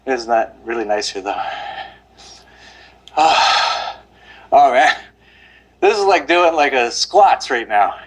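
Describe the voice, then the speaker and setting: A man's voice: mid-range voice, big pitch swings, normal speed, poor audio. A man vlogging outdoors while walking up a steep hill, rambling and out of breath, sighing often. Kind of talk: casual walking monologue.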